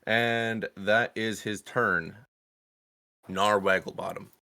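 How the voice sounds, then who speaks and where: Dude running a tabletop game, deep sharp voice, swears casually. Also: male voice, fairly even intonation, takes it slowly. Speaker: game master.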